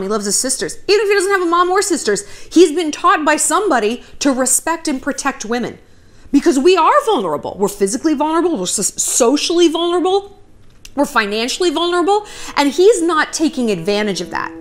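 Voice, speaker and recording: A woman in her thirties talking casually to camera, giving frank dating advice with swearing and quick story asides. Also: sits high. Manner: chatty, swears freely, lively storytelling asides. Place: home near a river, outside noise.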